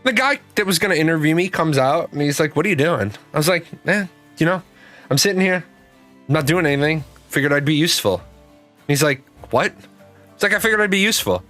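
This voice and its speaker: A man hosting a livestream in a loose, rambling way, telling stories and answering chat with plenty of restarts. His voice sits a little high for a man. Faint music plays behind him. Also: lively intonation, a little fast, sharp tone. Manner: rambling storyteller, restarts, talks to his cat. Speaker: livestream show host. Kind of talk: casual chat with chat readers.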